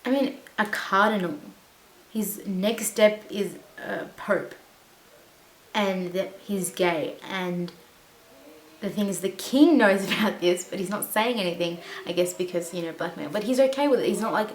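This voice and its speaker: A woman talks casually to her camera, rambling with plenty of fillers and restarts. Her pitch sits in the middle range. The room is echoey, and a faint hiss runs underneath. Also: unhurried. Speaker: vlogger. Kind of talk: casual chat.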